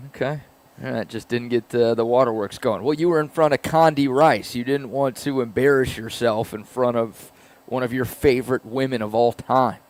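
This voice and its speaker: A man's voice: mid-range voice, fairly even intonation, normal speed. A man co-hosting a morning sports radio show, leading segments with dry, teasing banter. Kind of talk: casual sports talk. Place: radio studio.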